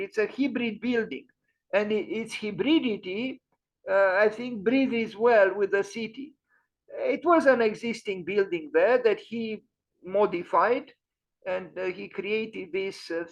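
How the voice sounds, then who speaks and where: A man hosting an online architecture lecture, pausing often with fillers and restarts. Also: high voice, gravelly. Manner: hesitant, many fillers and restarts. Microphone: video call. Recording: dull lo-fi online audio.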